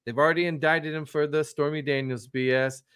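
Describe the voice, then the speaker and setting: A man co-hosting a casual political podcast, chatty and quick to jump in with asides. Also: on the high side, fairly even intonation, fairly bright tone, clean tone. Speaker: podcast co-host.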